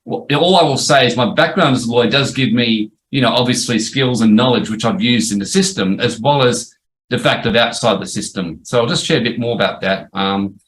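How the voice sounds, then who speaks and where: A man's voice: mid-range voice, brisk, fairly bright tone, slight background noise, rough recording. A middle-aged man, a former lawyer presenting a webinar course in a chatty, storytelling way. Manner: chatty storytelling, frequent restarts and "yep".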